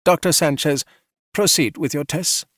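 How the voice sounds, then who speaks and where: A man's voice: fairly high pitch, moderate pace, a bit bright, no room sound, studio quality, pitched above the performer's own voice, close to an everyday voice. A man voicing a cold, ruthless woman commanding officer with clipped, commanding speech. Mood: cool. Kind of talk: audiobook character voice.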